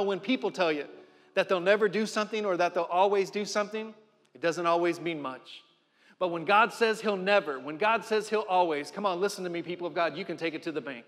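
A man preaching a sermon, impassioned, swinging between loud and hushed, often repeating and restarting words. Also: sits high, a little fast. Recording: long hall reverb with faint music.

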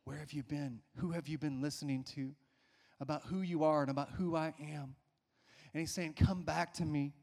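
A man's voice: a little high, steady tone, normal speed, vocal fry, darkish tone, big-room sound. A male pastor preaching a sermon with emphatic call-outs to the congregation.

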